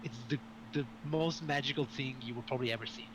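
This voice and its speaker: A man running a tabletop game as dungeon master, relaxed and halting, with frequent pauses. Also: medium pitch. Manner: relaxed, halting, laughs often. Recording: noisy stream audio.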